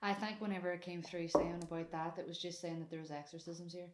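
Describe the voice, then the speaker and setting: A woman's voice: fairly low pitch, little pitch movement, quick pace, very noisy. A woman on a ghost hunt in an old castle at night, speaking in a matter-of-fact but uneasy way. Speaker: paranormal investigator. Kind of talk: casual ghost-hunt chat.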